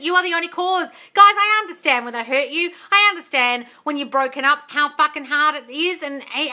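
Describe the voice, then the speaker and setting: Woman, bright tense tone, high-ish voice, casual livestream, blunt, calls people darling. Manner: blunt and swears freely, calls viewers darling. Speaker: manifesting coach answering live chat questions. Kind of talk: casual live-stream chat. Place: home, dog barking nearby. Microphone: phone livestream.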